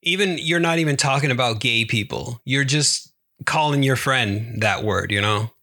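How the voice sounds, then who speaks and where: A young man from Massachusetts, a guest on a podcast, chatting in a relaxed, profane way. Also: medium pitch, normal speed. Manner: relaxed, profane, laid-back. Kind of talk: casual chat.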